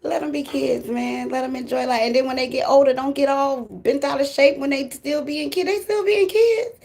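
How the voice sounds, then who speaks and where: A woman speaks straight to her viewers in a loose, unscripted monologue. She is blunt and profane and breaks into laughter often. Her voice sits on the higher side. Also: level tone, a little fast, creaky, a little mellow. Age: adult with grown children. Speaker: tarot reader and channel host.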